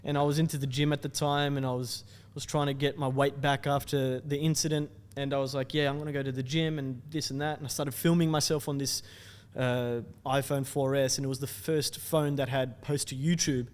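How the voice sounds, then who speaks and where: A young Australian man, a content creator, telling stories in a loose, animated way and laughing often. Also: mid-range voice, a little fast, few pauses, clean tone, long reverb tail. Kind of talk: casual storytelling chat.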